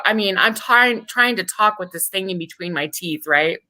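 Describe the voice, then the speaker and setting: A woman in casual chat, telling an animated story with some swearing. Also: medium pitch, normal speed, no echo, poor audio. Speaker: group chat participant.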